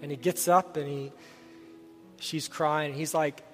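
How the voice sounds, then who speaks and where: A man's voice: fairly high pitch, fairly even intonation, a little slow, long pauses, a bit bright. A man preaching a sermon in a church, telling a story earnestly and asking his listeners direct questions before leading a prayer. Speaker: pastor. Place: church sanctuary. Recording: reverberant hall with faint music.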